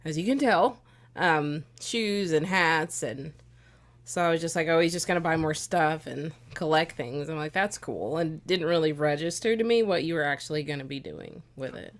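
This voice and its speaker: Relaxed, teasing woman with a lowish voice. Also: moderate pace. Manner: relaxed, teasing, laughs easily. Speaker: podcast guest, host's wife. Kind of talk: casual conversational storytelling.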